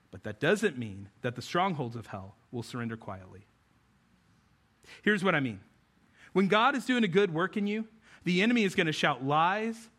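A male pastor with a fairly high, fairly bright voice delivers a sermon in a conversational style. He frequently poses questions to the congregation.

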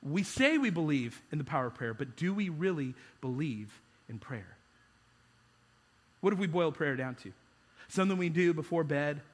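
A man with a high, bright voice preaches in a casual, animated way, asking his congregation question after question. He talks like he is chatting with the room. A long reverb trails each phrase through the church hall. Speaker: pastor. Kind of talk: sermon. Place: church sanctuary.

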